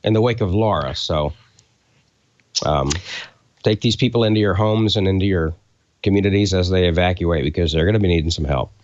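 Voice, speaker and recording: A middle-aged man from South Louisiana, a co-host telling a heartfelt story, earnest and halting with many fillers. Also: low voice, darkish tone, dry recording, highs cut off. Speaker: show co-host.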